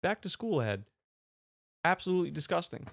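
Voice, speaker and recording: A man's voice: high voice, sing-song, a little fast, creaky, fairly bright tone, no echo, clean studio sound. A man in his twenties hosting a commentary show, ranting angrily and sarcastically with lots of swearing. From United States. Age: 20s. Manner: angry, profane, sarcastic.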